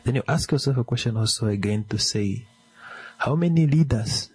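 A man hosting a business segment, asking listeners rhetorical questions with many fillers and a raspy voice. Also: mid-range voice, expressive, normal speed, a little mellow, dry recording, rough recording. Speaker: business radio host. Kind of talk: commentary to listeners.

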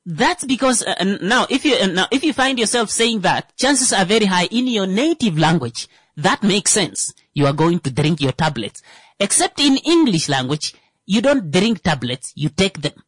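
A man's voice: high voice, very animated, moderate pace, fairly bright tone, breathy edge, no room sound. Rambling man, dry close sound. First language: Thimbukushu. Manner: rambling, many fillers and restarts. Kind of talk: casual comedic monologue.

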